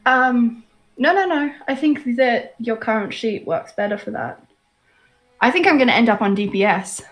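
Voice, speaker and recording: A woman's voice: on the high side, lively intonation, normal speed. A woman playing in a tabletop game who talks strategy in an earnest, organized way. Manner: earnest, planning-minded. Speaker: player.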